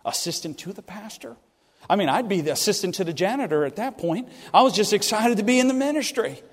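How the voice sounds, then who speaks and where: A middle-aged man preaching and telling funny personal stories to a congregation, lively and self-deprecating, acting out other people's lines. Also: high-pitched, quick pace. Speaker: pastor. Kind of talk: sermon storytelling. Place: church sanctuary. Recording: long reverb of a church hall.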